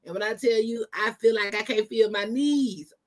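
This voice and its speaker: Woman podcast host, casual and low-energy, chatty with easy laughs. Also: normal speed. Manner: laid-back, chatty, laughs often. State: tired, low energy after a workout.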